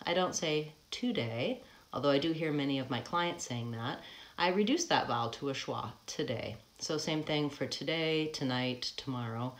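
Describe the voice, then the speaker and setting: An American woman who coaches accents, giving a live pronunciation lesson, explaining patiently and modeling words slowly with frequent ums. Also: low-pitched.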